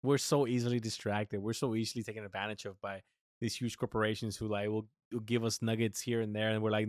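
A man's voice: lowish voice, fast, no echo, clean studio sound. A man from the United States hosting a podcast, ranting in casual talk, swearing and restarting often. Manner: animated ranting, swears a lot, many restarts. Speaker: podcast host.

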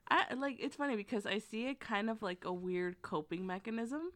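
A woman chatting casually as a podcast co-host, frank and blunt, swearing casually and making quick asides. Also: fairly high pitch, animated, fairly bright tone, no echo. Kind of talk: casual chat.

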